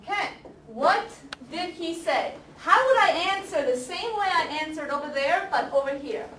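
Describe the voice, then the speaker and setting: A woman teaching an English grammar class, speaking slowly and deliberately, repeating example sentences and quizzing her students. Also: very high voice, lively intonation, a bit bright. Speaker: ESL teacher. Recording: echoey classroom, camera far off, faint noise.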